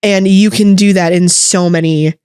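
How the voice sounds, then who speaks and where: A woman co-hosting a podcast as a wedding videographer, telling stories in an animated, casual way. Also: moderate pace, clean tone, no echo, clean studio sound. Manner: animated storyteller, jumps up high when excited. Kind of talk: casual chat.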